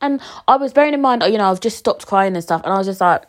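A woman's voice: medium pitch, animated, fast talker. A young woman, telling a story frankly to her viewers, full of fillers and swearing. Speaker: vlogger.

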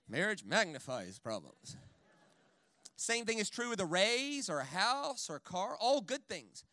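A man preaching a sermon in a church in an animated, conversational way, full of jokes and quick "right?" asides. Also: high-pitched, no echo, clean studio sound. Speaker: guest preacher. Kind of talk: sermon with storytelling.

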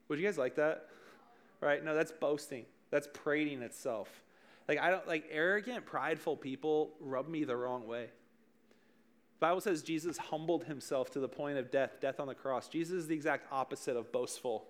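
Joking youth pastor, slightly high voice. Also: male voice, normal speed. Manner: joking, conversational, addresses the room directly. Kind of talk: casual youth sermon.

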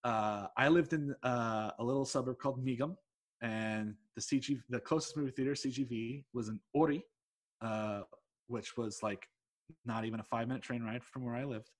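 A man who teaches English telling a personal story in a rambling, excitable way, swearing freely and laughing mid-sentence. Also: mid-range voice, normal speed. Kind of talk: casual anecdote telling.

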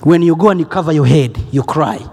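A man preaching a sermon, emphatic and repetitive, often shouting key lines. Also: a little high, quick pace, slightly rough, long reverb tail.

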